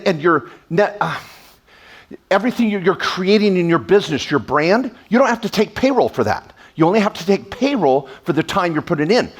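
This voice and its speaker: Lively high-voiced man on stage. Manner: animated, sarcastic, jumps into quoted voices. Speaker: tax attorney speaker. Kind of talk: energetic stage talk. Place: event stage before an audience.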